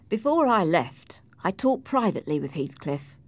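A woman narrating an audiobook in a clear, measured storytelling manner, close to the mic. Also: fairly low pitch, very animated, no echo.

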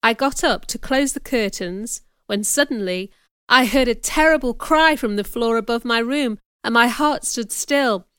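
A woman reads a novel aloud in a measured audiobook style. Her voice is bright and smooth, slightly high for a woman. The recording is dry and close. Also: dry recording. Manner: clear, measured storytelling. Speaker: narrator. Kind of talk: audiobook narration.

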